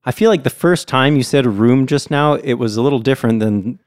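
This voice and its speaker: A man hosts a podcast, chatting in a friendly, easygoing way. His voice is smooth and clear, at a middling pitch. The recording is dry and close. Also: brisk, no room sound. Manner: friendly, chatty, hedging with fillers. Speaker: podcast host. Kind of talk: casual chat.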